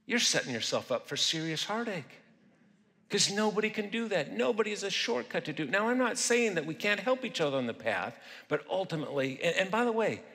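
A man's voice: a little high, bright, forceful tone. A middle-aged man delivering a sermon, talking casually and asking the congregation questions. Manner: conversational, asks the audience questions. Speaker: guest pastor and psychologist. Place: church auditorium. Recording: long hall reverb.

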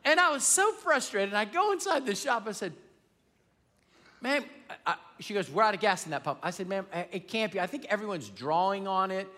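Pastor guy preaching, bright sharp voice, big hall reverb, jokes around. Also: high voice, a little fast. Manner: storytelling with humor, animated and emphatic. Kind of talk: sermon. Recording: long reverb of a large hall.

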